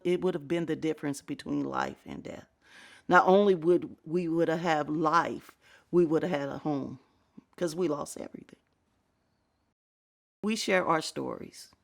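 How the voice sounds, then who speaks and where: A middle-aged woman, a fire safety advocate, giving earnest and reflective personal testimony in an interview, breaking into soft laughs now and then. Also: low voice, a little slow, gravelly, pauses often.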